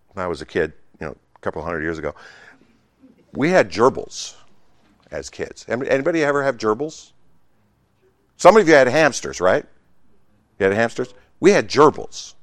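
Lively, emphatic male preacher. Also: mid-range voice, no room sound, studio quality. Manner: emphatic preaching, swinging between loud exclamations and hushed asides; conversational, with humorous asides to the congregation. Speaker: pastor. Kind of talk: sermon.

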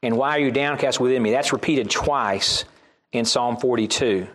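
A man's voice: medium pitch, moderate pace, a bit bright. A man with a Southern US accent preaching a sermon, reading scripture aloud and repeating key lines for emphasis.

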